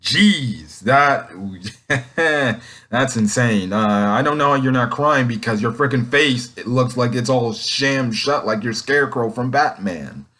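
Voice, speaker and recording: A man talks through a comic chapter off the cuff, circling back on his sentences and padding them with fillers. His voice sits at an ordinary middle pitch for a man, with nothing forced about it. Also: lively intonation, unhurried, bright, forceful tone. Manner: rambling, leans on "um" and "essentially". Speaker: manga chapter reviewer. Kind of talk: casual unscripted recap.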